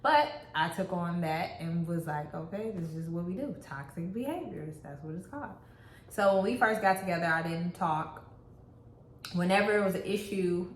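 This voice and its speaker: A woman's voice: fairly low pitch, moderate pace, reverberant, a little hiss or hum. A woman co-hosting a casual relationship talk, telling her own story in a candid, reflective way. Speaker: co-host.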